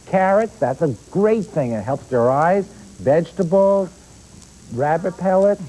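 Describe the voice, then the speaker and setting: Speaking a little slowly in a high-pitched, expressive, mellow voice, a man appears as a pet expert on a children's show. He explains animals and addresses the studio kids directly with quiz questions, captured on a rough recording.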